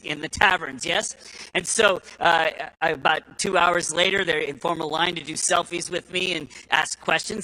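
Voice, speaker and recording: A man speaking to a live audience in a folksy, storytelling way, often restarting his sentences and acting out the people he quotes. His voice sits high for a man, with a very bright, sharp edge. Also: poor audio. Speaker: speaker at a political summit.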